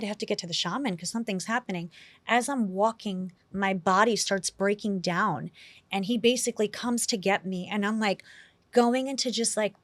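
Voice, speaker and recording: A middle-aged New York City woman appears as an interview guest, speaking at a medium pitch. She tells a personal story candidly and casually, leaning on "like" and "you know." There is no echo.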